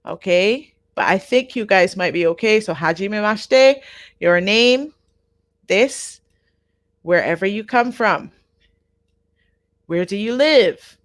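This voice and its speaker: Woman teacher on a live class, goes slow, repeats stuff, dry close mic. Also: mid-range voice, expressive, no echo. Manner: slow, patient, repeats words for learners. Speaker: online Japanese teacher. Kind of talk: live online language class.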